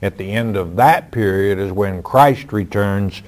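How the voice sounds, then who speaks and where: Man, low voice, slow unhurried delivery, radio Bible Q&A host, firm and matter-of-fact, cites scripture, frequent fillers. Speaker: Bible teacher answering listener questions. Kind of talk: radio Bible Q&A, reading questions and answering.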